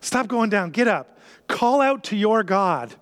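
A man's voice: high voice, expressive, fairly quick, darkish tone. A man acting out an alarmed ship captain who urgently rouses a sleeping passenger with pushy calls.

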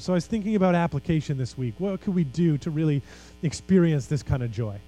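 Male pastor, sermon delivery, slightly high mellow tone, emphatic but conversational. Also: animated, a little fast, hardly any pauses, low-quality recording. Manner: earnest, emphatic preaching with conversational asides.

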